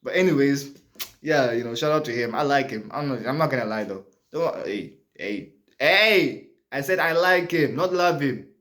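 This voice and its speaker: A man's voice: mid-range voice, lively intonation, moderate pace, fairly bright tone. A man telling a rambling comic story, full of fillers and laughing at his own jokes. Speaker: comedian.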